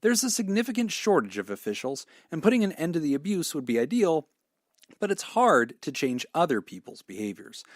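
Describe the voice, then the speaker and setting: Male co-host, 30s, animated and playful; dry, close-miked. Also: on the high side, fairly quick, dry recording. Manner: jokey, laughs often. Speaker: podcast co-host. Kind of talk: casual chat.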